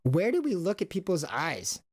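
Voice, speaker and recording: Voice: medium pitch, huge pitch swings, normal speed, darkish tone, no echo, studio quality. A stream host talking through a casual monologue, asking rhetorical questions and acting out short quoted lines from parents and children.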